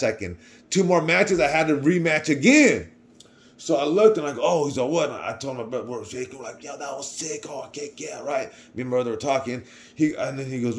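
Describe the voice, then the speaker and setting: A young man tells a personal story in loose, slangy talk. He gets animated and acts out the voices of the people around him, then drops to a near mutter at the ends of lines. His voice sits at an ordinary middle pitch. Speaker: vlogger telling a personal story. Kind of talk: casual storytelling.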